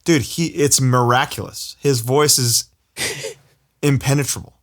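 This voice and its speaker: A man's voice: mid-range voice, steady tone. A man hosting a podcast, asking questions and joking with his guest. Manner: joking, quick to react and banter. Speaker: podcast host. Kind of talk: casual interview chat.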